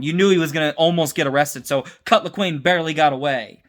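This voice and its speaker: A man's voice: a little high, fairly even intonation, a little fast, fairly bright tone. A tired young man giving a casual, unscripted episode review, rambling with restarts and mixing up names.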